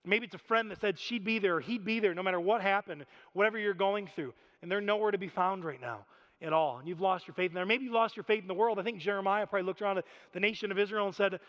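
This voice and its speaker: A man in his thirties preaching a sermon, telling stories in an animated, self-deprecating way with frequent laughter. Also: high voice, fast talker. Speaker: pastor. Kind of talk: storytelling sermon. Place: church sanctuary. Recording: reverberant church hall.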